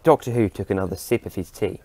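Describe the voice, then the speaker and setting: A man narrating a fan audio drama in a steady storytelling manner. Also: fairly low pitch, quick pace.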